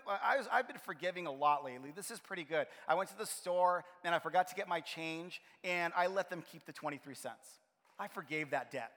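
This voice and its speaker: A man preaching a sermon in a relaxed, conversational way, often restarting his phrases. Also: a little high. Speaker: pastor. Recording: reverberant hall.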